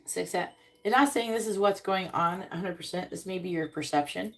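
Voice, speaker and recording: Woman tarot reader, low and gravelly, blunt and casual with comic asides. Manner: blunt and swearing, acts out quick comic voices. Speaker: tarot reader on a live stream. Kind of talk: casual tarot reading, reading card meanings aloud.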